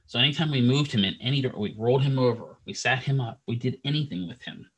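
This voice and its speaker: Husky man telling a classroom story. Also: medium pitch, quick pace. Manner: animated anecdote-telling, acts out quoted dialogue. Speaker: physical therapy instructor.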